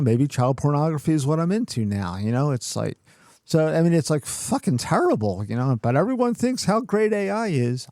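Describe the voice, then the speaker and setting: A man's voice: medium pitch, a little mellow, no room sound, studio quality. A middle-aged man co-hosting a podcast, telling a workplace story in a cursing, ranting way. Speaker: podcast co-host. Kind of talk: casual chat.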